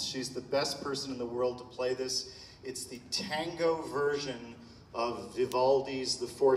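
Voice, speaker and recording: A man with a slightly high voice speaks from an outdoor concert stage, chatty and self-deprecating as he thanks the audience. His words boom through a PA and reach the mic from some distance. A faint crowd murmurs behind him. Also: fairly bright tone, a little hiss or hum. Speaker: orchestra conductor addressing audience. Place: outdoor bandshell. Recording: echoey PA sound from far off. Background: applause and crowd ambience.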